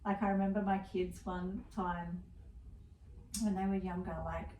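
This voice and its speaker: A woman's voice: fairly low pitch, little pitch movement, a little slow, a little mellow. A middle-aged woman co-hosting a casual podcast chat, telling rambling stories about her day with a laugh here and there. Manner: chatty, rambling storyteller with frequent laughs. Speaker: podcast co-host. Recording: roomy, distant mic with faint background hiss.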